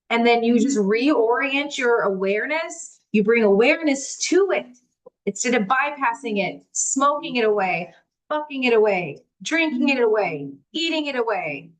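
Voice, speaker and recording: Woman, fairly high voice, spiritual livestream talk, candid, curses often, acts out her own thoughts. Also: expressive, low-quality recording. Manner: candid, swears freely, acts out inner dialogue; reads aloud from a book slowly. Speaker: spiritual teacher on a live stream.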